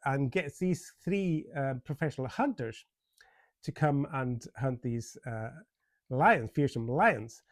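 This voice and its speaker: A man's voice: fairly high pitch, no room sound. A man giving a casual spoken movie review, chatty and amused, with many fillers, restarts and frequent chuckles. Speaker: film reviewer.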